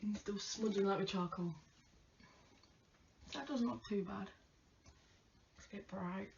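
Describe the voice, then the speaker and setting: A woman chatting casually to viewers during a makeup tutorial, often dropping to soft murmurs. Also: medium pitch, a little slow, vocal fry. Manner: chatty, talks to viewers while applying makeup, drops to murmurs. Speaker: makeup vlogger. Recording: distant lo-fi home recording with faint hiss.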